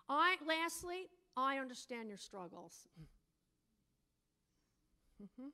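A woman preaches with a bright, high voice, slowly and deliberately stretching out her key words. She builds to near-shouting emphasis and sometimes slips into speaking in tongues. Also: lively intonation. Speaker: prayer teacher. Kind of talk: sermon.

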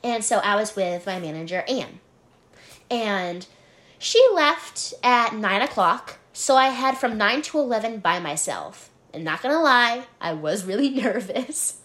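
Animated high-voiced young woman storyteller. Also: a little slow. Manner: animated, swears freely, laughs while telling. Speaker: podcast co-host, hotel front desk worker. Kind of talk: casual storytelling chat.

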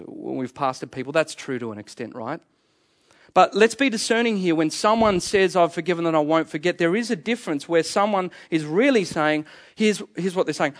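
A middle-aged man preaching a sermon, emphatic and fond of repeating key phrases. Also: fairly high pitch. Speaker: pastor.

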